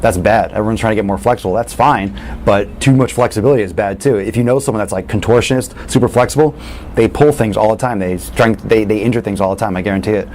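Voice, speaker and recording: A man coaching fitness in a casual question-and-answer talk, blunt and animated, swearing freely. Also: on the low side, fast talker, slight background noise.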